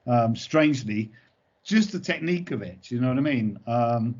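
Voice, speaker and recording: A male comedy performer giving interview answers as an animated, rambling storyteller. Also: medium pitch, moderate pace. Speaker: comedy double-act performer. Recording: dull lo-fi recording.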